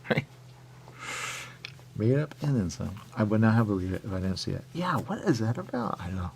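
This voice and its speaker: A man's voice: lowish voice, big pitch swings, a little fast, vocal fry, darkish tone, a little hiss or hum. A man hosting a radio show, rambling and musing aloud in casual chat.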